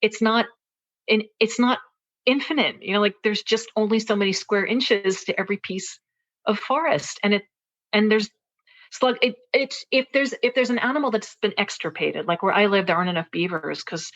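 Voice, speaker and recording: A woman's voice: medium pitch, moderate pace, fairly bright tone. A woman author talking as an interview guest, telling a personal story in an earnest, searching way, with many fillers and restarts. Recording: dull, lo-fi interview audio.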